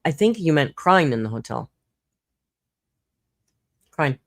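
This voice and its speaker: A woman with a low, deep speaking voice hosts a casual livestream. She chats loosely, laughs often and reads viewer comments aloud as she goes. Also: very animated, slow pace, no room sound, clean studio sound. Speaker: livestream host.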